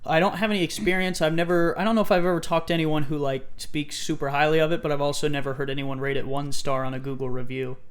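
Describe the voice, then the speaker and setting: A man's voice: a little high, level tone, fast talker, few pauses, clear, resonant tone. A man co-hosting a casual podcast in a playful, teasing manner. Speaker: podcast co-host. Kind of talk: casual chat.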